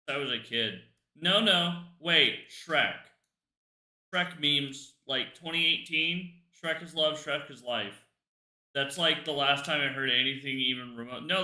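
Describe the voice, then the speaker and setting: A man's voice: on the high side, pushed and bright. A man streaming a game, rambling and joking to himself in casual chat. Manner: rambling, jokey, talks to himself. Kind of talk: casual livestream chat while gaming. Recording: roomy echo.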